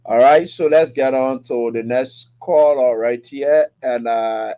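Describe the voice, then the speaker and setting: A man's voice: medium pitch, takes it slowly, hardly any pauses, clean tone. A man hosting a call-in talk show. He thanks the callers and moves on to the next one. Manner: relaxed, chuckling, takes calls.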